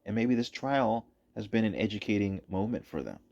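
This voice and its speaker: A man's voice: lowish voice, expressive, a little fast, darkish tone, lo-fi sound. A man giving opinionated commentary over footage, emphatic and repeating his points for stress. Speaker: political commentator.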